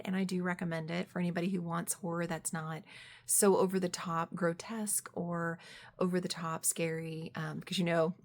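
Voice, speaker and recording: A woman talking casually in a book vlog, excitable and giggly, with many fillers between her thoughts. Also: on the low side, gravelly. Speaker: book vlogger.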